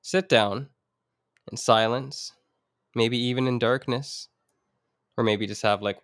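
A man's voice: lowish voice, level tone, unhurried, fairly bright tone, clean tone, dry recording, clean studio sound. A man hosting his own podcast, talking alone in an earnest, reflective way with jokey asides. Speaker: podcast host. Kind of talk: solo motivational podcast talk.

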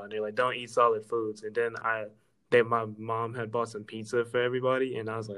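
A man's voice: mid-range voice, little pitch movement, fairly quick, a bit bright. A young man in casual chat, joking with laid-back slang.

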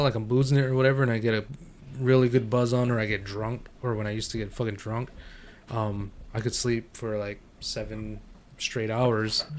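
A man with a mid-range voice talks in a laid-back, meandering way on a casual podcast. Faint background noise sits under his voice. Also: mid-range voice. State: high on cannabis. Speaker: podcast co-host. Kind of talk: casual chat.

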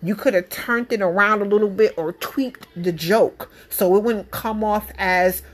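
A woman's voice: mid-range voice, measured pace. A woman, a mother, giving her opinion in a casual monologue, emphatic and blunt, repeating her points with passion. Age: adult parent.

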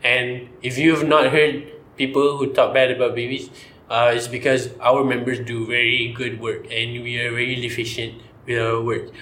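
Deadpan man in an echoey room. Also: medium pitch, normal speed. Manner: deadpan mock-indignant, playing a spokesman for babies. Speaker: podcast co-host. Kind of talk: deadpan improvised comedy bit. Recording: echoey room with faint ambient noise.

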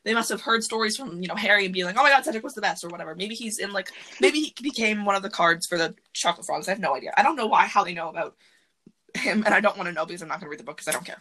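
A woman hosting a podcast from her closet, chatting casually and rambling excitedly with lots of fillers. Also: medium pitch, racing, poor audio. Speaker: podcast host. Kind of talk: casual chat.

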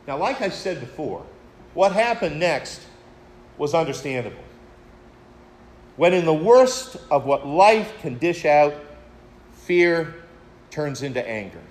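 A man's voice: a little high, big pitch swings, slow pace, long pauses. A man preaching a sermon, retelling a story in a reflective way and addressing his listeners as friends. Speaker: pastor.

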